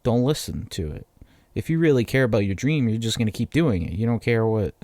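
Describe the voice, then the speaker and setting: A man's voice: mid-range voice, expressive, brisk, darkish tone, dry recording. A man, hosting a casual solo podcast in a profane, rambling, self-deprecating way. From Massachusetts. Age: 20s. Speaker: podcast host.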